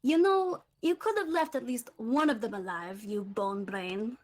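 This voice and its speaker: A woman's voice: fairly high pitch, measured pace. A woman voicing a tall, cat-like huntress who scolds her companion in a tabletop game. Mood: exasperated.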